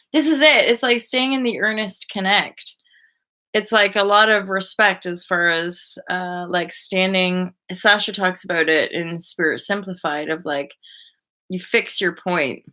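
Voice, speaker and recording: A young woman talks casually to her viewers on a live stream. Her voice is bright and clear. She rambles in a spiritual way, with lots of "like" and quick side thoughts. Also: medium pitch. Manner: chatty and spiritual, with fillers and quick asides.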